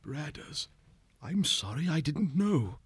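A male narrator plays a kindly badger lord who speaks gently and consolingly. The voice is husky, a bit raised from his own, with a lively pitch. It sounds dry and close. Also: takes it slowly, no echo, exaggerated voice. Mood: tender. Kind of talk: audiobook character voice.

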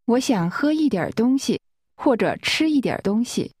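A woman's voice: fairly high pitch, big pitch swings, moderate pace, darkish tone, husky, no room sound, clean studio sound. A woman speaking example phrases for a language course with careful, precise enunciation.

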